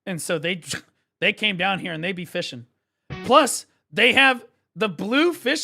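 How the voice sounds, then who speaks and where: A young man streaming a game, ranting and swearing excitedly as he explains it. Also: high-pitched, a little slow, vocal fry, faint music behind. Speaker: gaming streamer. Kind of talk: live gaming commentary.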